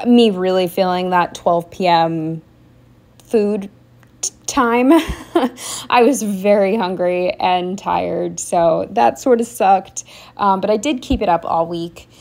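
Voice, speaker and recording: A woman's voice: medium pitch, slow, gravelly, darkish tone. Chatty young woman rambling through her week. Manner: chatty, rambling, frequent fillers and restarts. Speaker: vlogger. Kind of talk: casual diary-style chat.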